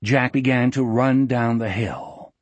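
Husky male audiobook narrator. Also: medium pitch, steady tone, slow pace, no room sound. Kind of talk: scripted narration.

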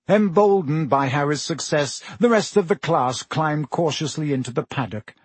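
A man narrates an audiobook with an expressive storytelling delivery. His voice sits a little high and has a husky grain. The recording is dry and close. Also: normal speed, hardly any pauses, no echo. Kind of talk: audiobook reading.

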